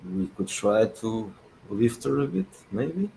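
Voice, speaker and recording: A man's voice: fairly low pitch, very animated, slow pace, creaky, dark tone, slight background noise, rough recording. A man playing a tabletop game who answers in short, terse replies. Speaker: player. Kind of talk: casual tabletop play.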